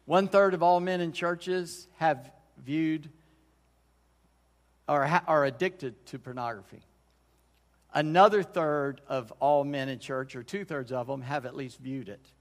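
Pastor preaching in a reverberant hall. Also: male voice, fairly high pitch, measured pace. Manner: conversational preaching with folksy phrasing and frequent restarts. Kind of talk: sermon. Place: church sanctuary. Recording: long church hall reverb.

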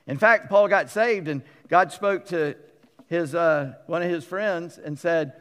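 A middle-aged male pastor preaching a sermon in a conversational, animated way, acting out quotes with humorous asides. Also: fairly high pitch, a little slow, smooth. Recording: long reverb of a large hall.

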